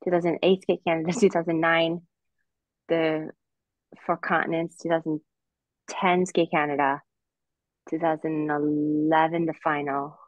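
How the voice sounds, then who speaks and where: A woman in her thirties, a former skater, thinks aloud on a podcast. Her voice sits on the low side and reaches the ear close and dry. She talks in loose, reflective runs with frequent restarts. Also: little pitch movement, unhurried, pauses often, no room sound, muffled recording. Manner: reflective, many restarts and fillers. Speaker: guest, former figure skater. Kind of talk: podcast discussion.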